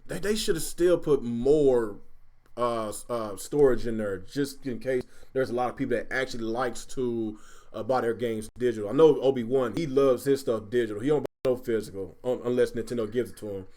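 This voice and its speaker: A man hosting a casual gaming livestream, animated and quick to swear when riled up. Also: medium pitch. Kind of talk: casual chat.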